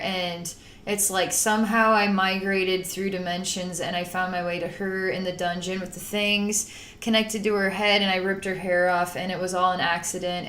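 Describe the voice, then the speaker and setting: A woman's voice: fairly low pitch, a bit bright, roomy sound, slight background noise. A woman psychic talking through a spiritual healing session in a rambling, emotive way, at times acting out panicked voices. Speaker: psychic channeler.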